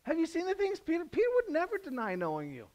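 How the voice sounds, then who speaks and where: A flustered male disciple in a panic, tripping over his words as they rush out high and strained, as a preacher acts him out. The voice jumps well above a normal speaking register. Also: huge pitch swings, quick pace, a little mellow, exaggerated voice. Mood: panicked. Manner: stammering, high-pitched and frantic.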